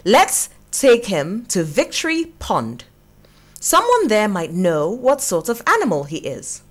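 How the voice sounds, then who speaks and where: A woman's voice: mid-range voice, sing-song, takes it slowly. A woman voicing a friendly farm dog. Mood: cheerful. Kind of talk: storybook reading for children.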